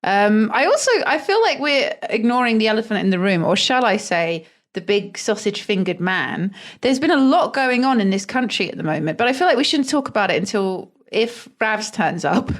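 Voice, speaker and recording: A woman's voice: medium pitch, sing-song, normal speed, few pauses. A woman co-hosting a podcast in casual chat, laughing often and trailing off into fillers. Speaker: podcast co-host.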